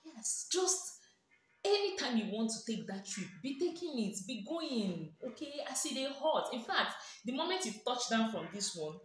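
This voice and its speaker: A woman's voice: on the high side, very animated, moderate pace, slight background noise. A woman with a Nigerian accent giving playful, sarcastic lifestyle advice in a vlog, teasing and often laughing. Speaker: lifestyle vlogger. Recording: very echoey room.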